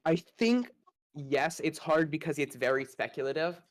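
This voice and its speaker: A man's voice: a little high, expressive, moderate pace. A man arguing one side of a casual space debate, hedging and thinking aloud with many fillers.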